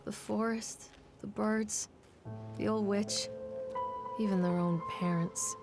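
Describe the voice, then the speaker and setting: A haunted mother in a horror game reminisces quietly and wistfully. Her voice stays low-key and level, with game music drifting underneath. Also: steady tone, slow pace. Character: grieving, haunted mother woman.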